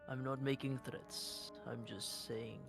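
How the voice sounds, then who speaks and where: Man as a grumpy young godling, low mutter, slow and curt, tabletop game character. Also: steady tone, creaky, soft background music. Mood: stern.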